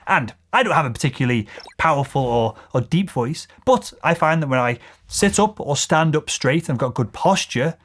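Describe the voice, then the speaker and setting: A man's voice: fairly high pitch, sing-song, normal speed. A man teaching sales in an instructional video, speaking in an assertive, emphatic coaching manner. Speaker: sales trainer.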